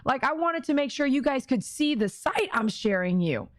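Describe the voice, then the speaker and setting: A woman on a livestream, reading viewer comments aloud and talking straight to her fans in an animated, emotional way. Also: sits high, normal speed, dry recording. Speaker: dog groomer and YouTuber.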